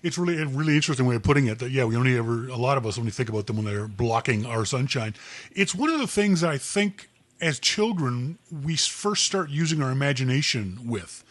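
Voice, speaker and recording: A man's voice: medium pitch, animated, quick pace, no echo. Rambling, chatty male podcast host. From Canada. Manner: rambling, self-correcting, chatty. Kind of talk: casual podcast talk.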